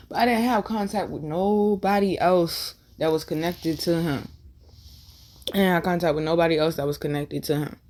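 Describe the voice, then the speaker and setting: A woman's voice: deep voice, brisk. A young woman vlogger telling a painful personal story candidly, with slang and swearing, and repeating lines for emphasis. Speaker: tarot and numerology vlogger.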